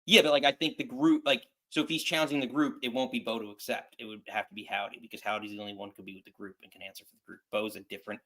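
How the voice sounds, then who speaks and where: A man hosting a casual wrestling chat show, talking in a rambling, halting way with frequent restarts. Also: fairly low pitch, steady tone, a bit bright. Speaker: podcast host.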